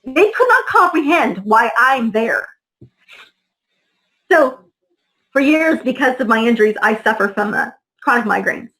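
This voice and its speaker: With long pauses and a slightly slow delivery, a middle-aged interview guest relates her story in an animated, somewhat high and bright voice. She's blunt and fired up, swears liberally, and mimics quoted people, all captured on a rough recording.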